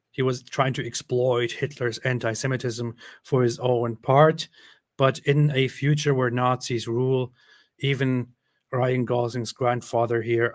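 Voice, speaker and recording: A man giving casual online commentary, with sardonic, joking asides between halting explanations. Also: medium pitch, dry recording, studio quality. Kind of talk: commentary with read-out document.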